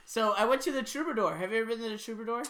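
A woman co-hosting a podcast, chatting casually and teasing her co-host with quick asides. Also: fairly high pitch, fairly bright tone. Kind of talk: casual chat.

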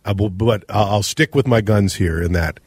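A man from Minnesota with a Minnesotan accent, co-hosting a radio show in casual, animated talk. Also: on the low side, moderate pace, breathy edge, no room sound. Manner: animated, ranting, mimics accents. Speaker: radio co-host.

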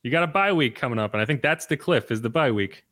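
A man's voice: mid-range voice, animated, fast, fairly bright tone, no echo, clean studio sound. A man hosting a sports podcast, talking loosely and conversationally with frequent restarts. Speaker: podcast host and sports reporter. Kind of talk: casual sports podcast chat.

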